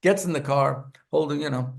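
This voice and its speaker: A man who is a rabbi and author, telling lively anecdotes as an interview guest and acting out the people in his stories. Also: a little high, moderate pace, creaky. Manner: animated, acts out characters in his stories.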